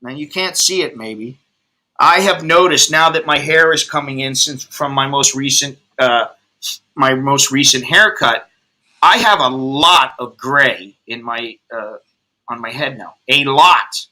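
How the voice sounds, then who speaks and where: A man's voice: mid-range voice, unhurried, pushed and bright, poor audio. A man from the United States hosting a casual video call chat, blunt and joking. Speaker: host. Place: home in Bangkok.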